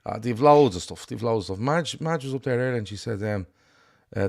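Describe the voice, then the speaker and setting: A man with an Irish accent co-hosting a casual football chat, blunt and sweary in an animated rant. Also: mid-range voice, brisk, vocal fry. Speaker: podcast co-host.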